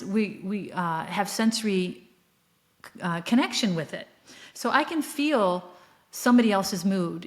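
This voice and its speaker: A woman talking alone on her podcast, her voice sitting at an ordinary middle pitch. She tells a personal spiritual story in an earnest, reflective way, often pausing on fillers and breaking into soft laughs. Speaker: podcast host.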